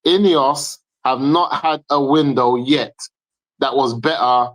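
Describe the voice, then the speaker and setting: A man's voice: medium pitch, takes it slowly, low-quality recording. A man arguing his point emphatically in a heated football debate, repeating himself for stress.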